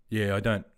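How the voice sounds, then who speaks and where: A man's voice: lowish voice, smooth. An Australian man in his fifties chatting casually on a live stream, reading out viewer comments and laughing easily. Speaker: live streamer, army veteran.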